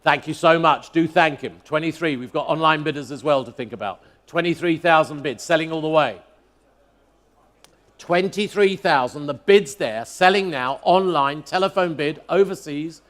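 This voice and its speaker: Higher-voiced auctioneer calling bids. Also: male voice, fairly bright tone. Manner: brisk, repeats bids in a rhythmic chant. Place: auction hall at a motor museum.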